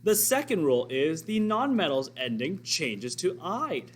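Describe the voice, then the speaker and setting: Lively-voiced male science teacher. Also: a little high, unhurried, slightly rough. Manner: explanatory, step-by-step, asks and answers own questions. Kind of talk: recorded classroom lesson.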